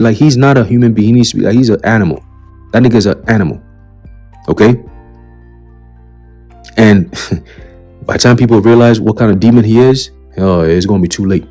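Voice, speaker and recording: A man's voice: on the low side, normal speed, long pauses, dark tone, faint music behind. Profane, preachy male ranter. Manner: blunt, profane and heated, repeats "okay?" as a tag; preacherly, warns of coming doom. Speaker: commentary channel host. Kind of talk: ranting commentary on a list of news items.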